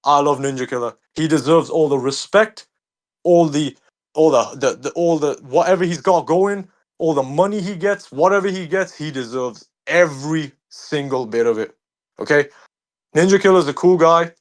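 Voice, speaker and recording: Here a young Birmingham-accented man from England speaks at normal speed in a slightly high voice. He's a streamer appearing as an interview guest, chatting casually, ranting hotly and cursing often.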